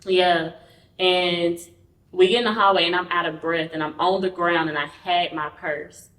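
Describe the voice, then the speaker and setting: A woman with a slightly low voice shares her own story as a podcast guest. She speaks candidly and conversationally, and she slips into the voices of the people she quotes. The sound is roomy and echoey. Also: moderate pace. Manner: animated, acts out quoted dialogue. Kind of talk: personal storytelling in an interview. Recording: roomy, mic at a distance.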